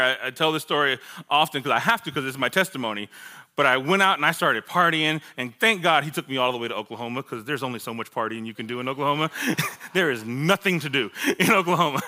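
A man's voice: on the high side, bright, forceful tone. A man preaching a sermon, telling his own testimony as a story, acting out what he once said and laughing at himself. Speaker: pastor.

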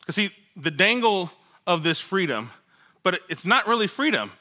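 A man's voice: sits high, sing-song, moderate pace, sharp tone. A man preaching a sermon, telling his own testimony as a story, acting out what he once said and laughing at himself. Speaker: pastor.

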